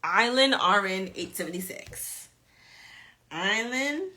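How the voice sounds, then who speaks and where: Slow-talking, bright-voiced woman tutor. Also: mid-range voice, expressive. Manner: playful, chatty, laughs often, reads questions aloud. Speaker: nursing exam tutor hosting a live quiz game. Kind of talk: casual live-stream quiz teaching.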